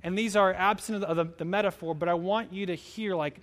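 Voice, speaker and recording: A man preaching a sermon in a relaxed, conversational way, telling stories and acting out the people in them. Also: sits high, fast. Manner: conversational, animated storytelling with quoted voices. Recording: long hall reverb.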